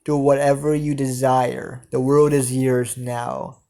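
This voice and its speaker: A man voicing a villainous girl who speaks in a slow, flat, robotic way in a spoken fan story. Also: mid-range voice, creaky. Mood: cold.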